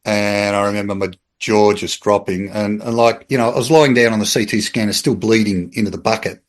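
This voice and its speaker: Australian man telling a lively story. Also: lowish voice, brisk. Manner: animated storyteller, acts out quoted voices, chuckles. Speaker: podcast guest. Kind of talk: casual anecdotal storytelling.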